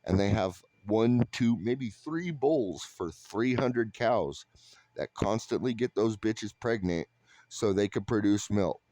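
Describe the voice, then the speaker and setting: A man delivering a blunt, sarcastic, profane rant to camera in a flat, unhappy-sounding voice. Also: on the low side, slow pace, no echo. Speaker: vlogger. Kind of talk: ranting monologue to camera.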